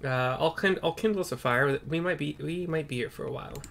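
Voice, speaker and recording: A man's voice: a little high, a little fast, vocal fry, a bit bright. A man voicing a genial middle-aged male adventurer and tinkerer for a game, with a hearty, folksy lilt. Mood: cheerful.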